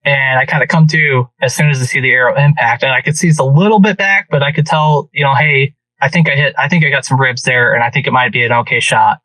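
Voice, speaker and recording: A man on a podcast telling a hunting story in an animated, casual way, with many restarts. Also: medium pitch, fast, few pauses, no room sound, distant mic, rough recording. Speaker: podcast guest.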